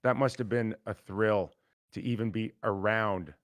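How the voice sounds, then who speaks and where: A man's voice: on the low side, fairly even intonation, a little slow, no room sound, clean studio sound. A man hosting a casual sports podcast, drawing stories out of his guest with easygoing questions. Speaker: podcast host.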